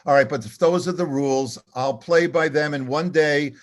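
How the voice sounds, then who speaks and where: An older man, a comedy writer, telling an animated, self-deprecating anecdote and acting out the dialogue. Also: on the high side, normal speed. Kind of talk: storytelling anecdote.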